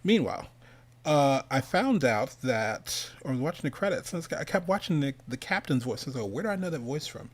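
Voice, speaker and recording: A man's voice: mid-range voice, animated, normal speed. A middle-aged man hosting an online summit, telling a long casual story, rambling and cutting himself off, laughing often and slipping into other people's voices. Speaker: host of an online animation summit.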